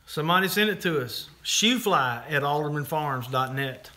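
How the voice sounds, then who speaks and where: A man's voice: on the high side, expressive, moderate pace, pushed and bright, slight background noise. A man co-hosting a casual live stream, rambling and breaking off his sentences with jokes. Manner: rambling, self-interrupting, jokey. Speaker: podcast co-host.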